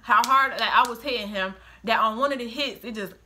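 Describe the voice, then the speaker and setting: A middle-aged woman telling a story in a casual chat with her daughter, animated and acting out the quoted voices. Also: a little high, a little fast, slight background noise. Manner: animated, acts out quoted voices, breaks into laughter. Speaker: storyteller, the host's mother.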